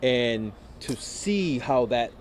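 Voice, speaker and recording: A man from Connecticut talks through a football loss with a co-host, in a voice of ordinary, middle pitch. He rambles and keeps interrupting himself, his delivery animated and loose. He's outdoors at a stadium. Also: slow pace. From Connecticut, USA. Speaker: sports reporter. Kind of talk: casual post-game chat.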